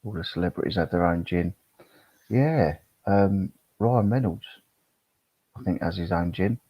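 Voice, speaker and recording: A man's voice: sits low, a little slow, no echo. A middle-aged man chatting casually on a live stream, rambling and reading chat comments aloud. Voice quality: gravelly, husky. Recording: dull, lo-fi sound.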